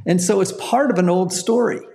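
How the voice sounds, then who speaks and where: A man with a heavily gravelly, slightly raised voice talks as an interview guest. He explains his ideas earnestly, often checking in with "right?". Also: sits high, fairly quick, mellow. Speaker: guest, counselor and author. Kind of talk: conversational interview.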